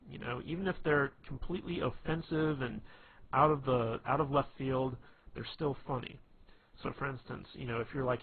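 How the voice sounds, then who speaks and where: Man, mid-pitched, rambling advice vlogger, tinny phone-like sound. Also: slight background noise. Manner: rambling, loose, full of "you know" and restarts. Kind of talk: casual advice monologue.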